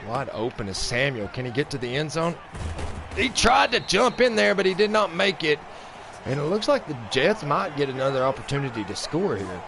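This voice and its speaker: A man hosting a sports video game channel, giving let's-play commentary in a mock play-by-play style. He vents and swings between flat grumbling and excited outbursts. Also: on the high side, moderate pace, gravelly, background noise. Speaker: gaming channel host.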